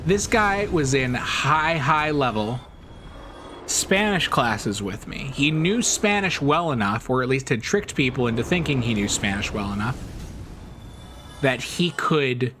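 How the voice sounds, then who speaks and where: A man's voice: mid-range voice, lively intonation, a little slow, background noise. Chatty rambling male streamer. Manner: rambling, chatty, laughs often. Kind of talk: casual chat while gaming.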